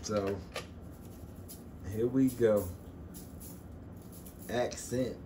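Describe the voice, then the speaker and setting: A man chatting casually with his partner in their home kitchen while she cooks, chiming in with slow, drawling remarks. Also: on the low side, steady tone, background noise. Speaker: partner off camera. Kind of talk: casual chat.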